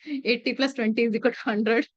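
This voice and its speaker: High-voiced Indian woman lecturing. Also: steady tone, a little fast, dry recording. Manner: chatty, mixes in Hindi phrases. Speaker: teacher. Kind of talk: classroom lecture with anecdotes. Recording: slightly muffled dry recording.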